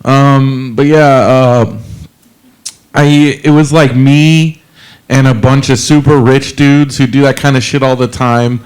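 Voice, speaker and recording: A man's voice: mid-range voice, steady tone, takes it slowly, darkish tone, clear, resonant tone. A man in his forties working a comedy club stage, telling his set in a loose, rambling way. He runs his bits down with self-deprecating asides and trips over fillers as he goes, speaking into a handheld mic. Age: 40s. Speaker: stand-up comedian.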